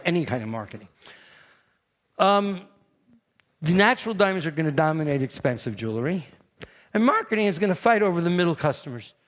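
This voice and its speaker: An older man with a New York accent giving a brash, animated conference keynote, teasing the audience. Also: a little high. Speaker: keynote speaker.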